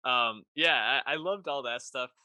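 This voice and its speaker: Co-hosting a pop culture podcast, this man chats eagerly and casually, peppering his talk with slang and curses. His mid-range voice has a sharp tone and runs a little slow. There's no echo.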